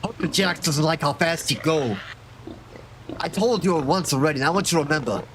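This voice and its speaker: A man's voice: on the high side, brisk, background noise, natural voice. A man doing a menacing Gamorrean brute with a Jersey accent. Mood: threatening. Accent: New Jersey (put on). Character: threatening male Gamorrean swoop racer, tough and bullying.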